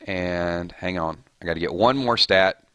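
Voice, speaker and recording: A man hosting a casual gaming live stream, chatting loosely with viewers and giving shout-outs, his voice a little hoarse. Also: low voice, a little slow, no echo. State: slightly hoarse. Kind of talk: casual live-stream chat over gameplay.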